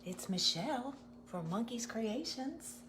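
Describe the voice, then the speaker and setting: A woman's voice: fairly high pitch, animated, unhurried, background noise. A woman hosting a casual craft livestream, greeting viewers and chatting with many ums and restarts. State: nervous.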